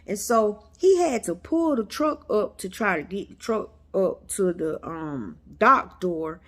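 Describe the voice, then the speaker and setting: Slow-talking, chatty woman vlogger. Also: mid-range voice, expressive, fairly bright tone. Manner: chatty and emphatic, addresses viewers as y'all. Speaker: metaphysics vlogger. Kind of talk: casual storytelling to viewers.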